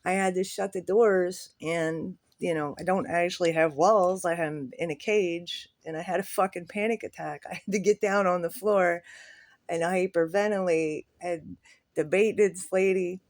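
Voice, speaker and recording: A man's voice: high-pitched, fairly even intonation, moderate pace, no room sound. Candid rambling male storyteller, dry sound. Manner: candid, rambling, with swearing and nervous laughs. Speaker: flea market vendor. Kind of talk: casual storytelling monologue.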